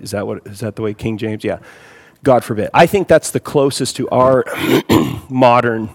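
A man teaching a conversational Bible study, emphatic and reading scripture aloud, often clearing his throat. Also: mid-range voice, in a large hall.

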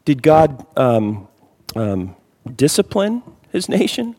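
A man teaching a conversational Bible study, emphatic and reading scripture aloud, often clearing his throat. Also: a little high, big pitch swings, slow, darkish tone, big-room sound.

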